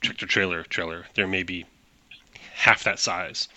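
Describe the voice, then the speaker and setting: A man narrating as game master of a tabletop game, talking in animated quick bursts with restarts. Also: deep voice, a little hiss or hum.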